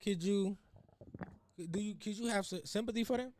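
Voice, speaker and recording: A man's voice: high-pitched, moderate pace, a little mellow, slight background noise. A man with a Chicago West Side accent, co-hosting a casual podcast chat, rambling with many restarts and laughing through his stories. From Chicago, USA. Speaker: podcast co-host.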